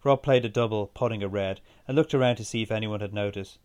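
A man reading a first-person story aloud in a steady, measured way. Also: fairly low pitch. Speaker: narrator.

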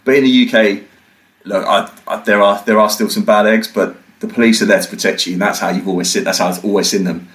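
A man's voice: on the low side, quick pace, poor audio. A young man from the UK, a podcast guest, telling a story casually, swearing and acting out what people said. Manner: swearing, animated, acts out quotes.

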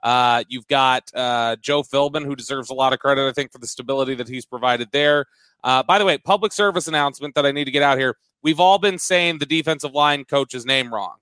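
A man's voice: mid-range voice, fairly quick, sharp tone, clean tone, no echo. A man co-hosting a casual sports podcast, running through segment picks with frequent restarts. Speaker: podcast co-host.

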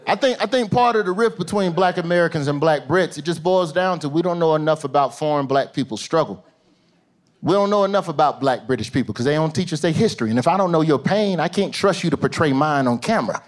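A male stand-up comedian, performing an animated set that swings from low asides to high shouted bits on a theater stage. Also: fast talker. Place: theater stage with a laughing audience. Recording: live show with loud crowd laughter and room noise.

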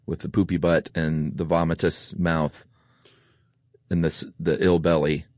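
Male co-host, very low voice, dry close sound, easygoing joker. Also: flat delivery, measured pace, a little mellow, dry recording. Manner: laid-back, jokey storyteller. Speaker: podcast co-host. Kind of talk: casual conversational chat.

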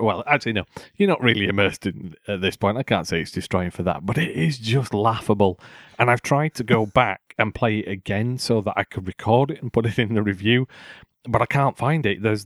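Low voiced guy chatting about games on a podcast, laughs a lot, dry recording. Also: no room sound. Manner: chatty, opinionated, laughs often. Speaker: podcast host. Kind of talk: casual podcast chat.

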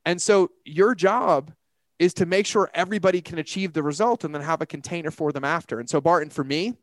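A man talking as a business coach in a casual, animated way, full of slang and acted-out quotes. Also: on the high side, fairly quick, dry recording.

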